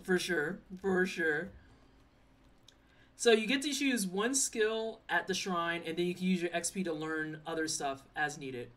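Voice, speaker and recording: A young adult streamer plays a game live, joking around and teasing chat in a loose, playful, chatty way as casual commentary. The mid-range voice is a little slow and a bit bright. The mic sits slightly distant, with faint game music behind.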